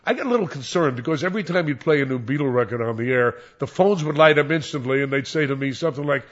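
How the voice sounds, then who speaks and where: An older man, a former radio disc jockey, reminiscing in an interview in a rambling, animated way with many restarts. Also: medium pitch, fast talker. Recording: dull lo-fi recording.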